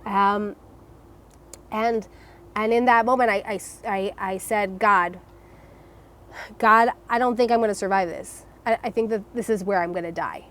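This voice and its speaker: A young adult woman telling her personal story as an interview guest, emotional and halting, with many restarts and fillers. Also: medium pitch, a bit bright.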